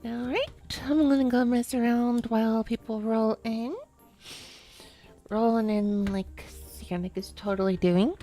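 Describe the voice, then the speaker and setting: A woman's voice: on the high side, steady tone, a little slow, warm tone, faint music behind. A woman streamer chatting casually on a live stream, rambling, giggling often and restarting her sentences.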